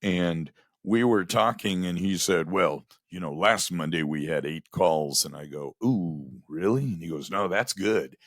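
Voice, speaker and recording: A man telling casual stories about running a radio station, acting out the dialogue with lively energy. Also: low-pitched, a little slow, hardly any pauses, no echo, clean studio sound. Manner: animated, acts out quoted dialogue. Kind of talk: casual storytelling monologue.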